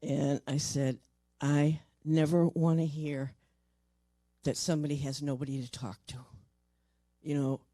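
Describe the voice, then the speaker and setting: Older woman, mellow voice, halting emotional storyteller, dry close sound. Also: low voice, little pitch movement, no room sound. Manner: halting, repeats words, voice drops soft in tender moments. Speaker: paranormal investigator.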